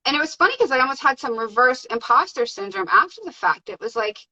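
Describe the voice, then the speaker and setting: Woman podcast guest, chatty and excitable, bright high voice, slightly muffled remote audio. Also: fast talker. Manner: excited, chatty, many fillers. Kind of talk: casual interview storytelling.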